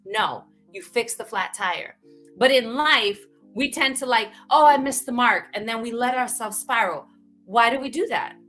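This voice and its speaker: Bright, animated woman telling her story. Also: fairly high pitch, a little slow, soft background music. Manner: animated, frequent "right?" tags, bursts of laughter. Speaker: guest speaker. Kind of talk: candid conversational storytelling.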